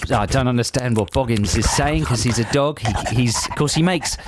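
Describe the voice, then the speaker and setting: Teasing radio host. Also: male voice, medium pitch, background noise. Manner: teasing, mock-theatrical, quick with jokes. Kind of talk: casual radio banter. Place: radio studio.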